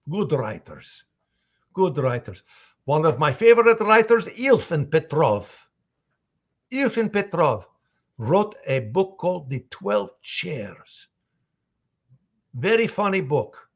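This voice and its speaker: A man voicing a huge, gruff, proud Russian mercenary with a deep voice, a Russian accent and broken English. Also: exaggerated voice.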